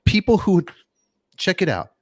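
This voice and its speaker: A man hosting a live online talk show, joking loudly and giving quick shout-outs to viewers in the chat. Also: high voice, big pitch swings, dry recording. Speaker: podcast host. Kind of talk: lively live-stream chat.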